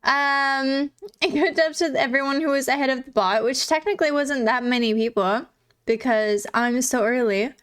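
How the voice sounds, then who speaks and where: A woman's voice: high voice, moderate pace, fairly bright tone, clear, resonant tone. A woman streamer in casual live chat, giggly and chatty, reading and answering chat.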